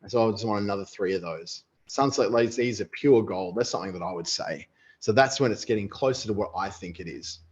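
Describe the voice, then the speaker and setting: In dull lo-fi webinar audio, an Australian man briskly demonstrates a writing tool live, chatting casually and thinking out loud. His voice is lowish and slightly rough.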